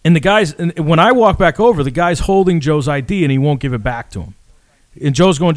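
A man's voice: fairly high pitch, a little fast, no room sound, clean studio sound. A man telling a rambling, profane story in casual chat with friends, acting out the people in it. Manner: profane, rambling, animated retelling.

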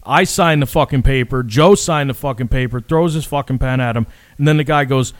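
Speaking at a medium pitch and a brisk clip, this man co-hosts a podcast and spins a story in relaxed chat. The recording is dry, and his telling is profane and lively, full of acted-out quotes.

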